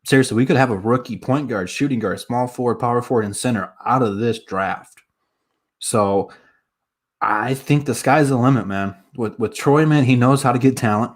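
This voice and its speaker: A man's voice: mid-range voice, normal speed. A young man from the Detroit area hosting a casual sports live stream, talking straight to viewers in a hyped way with lots of fillers.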